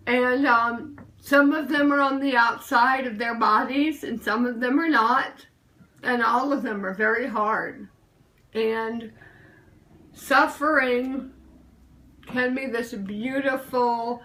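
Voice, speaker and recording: Young woman chatting live from her kitchen, high bright voice, slow and emotional. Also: poor audio. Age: young adult. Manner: emotional, tearful at times, enthusiastic. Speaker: host. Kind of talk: casual live-stream chat. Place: kitchen table at home.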